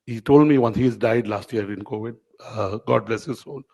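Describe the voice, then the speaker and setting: A man's voice: on the low side, normal speed, a little mellow, dull audio. A middle-aged man giving an informal keynote speech to award winners, telling anecdotes and calling on audience members by name. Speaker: media company owner addressing award winners. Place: event hall.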